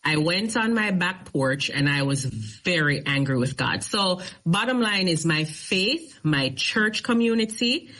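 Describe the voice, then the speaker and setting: Woman, low voice, middle-aged, attorney, animated storyteller, casual interview. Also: unhurried, hardly any pauses, poor audio. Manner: storytelling, animated retelling with rising emphasis. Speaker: attorney, guest.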